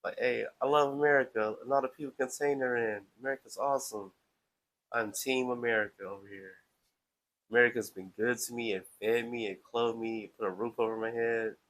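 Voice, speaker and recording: A man's voice: medium pitch, fairly even intonation, fairly quick, fairly bright tone, low-quality recording. Playful, chatty man hosting a stream. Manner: playful, chatty, self-promoting. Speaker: live stream host. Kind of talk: casual live-stream monologue.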